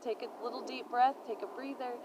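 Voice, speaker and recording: A woman's voice: on the high side, steady tone, brisk, very noisy. A young woman talking to camera from home, thinking aloud and offering encouragement in a reflective personal vlog. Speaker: vlogger. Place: home indoors.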